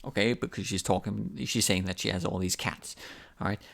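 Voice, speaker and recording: A man's voice: deep voice, steady tone, brisk, vocal fry, a bit bright. A man teaching an English lesson in a casual, patient way, repeating examples to explain them. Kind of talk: language lesson.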